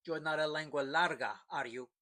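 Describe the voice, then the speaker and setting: A man's voice: a little high, very animated, brisk, fairly bright tone. A man voicing an angry, nervous young male gangster who talks in a threatening, nasty way. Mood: menacing.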